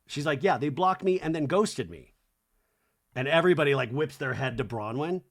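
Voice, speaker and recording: A man's voice: fairly high pitch, lively intonation, normal speed. A man hosting a podcast, casually recapping a reality show reunion and acting out the cast members' lines in mimicking voices.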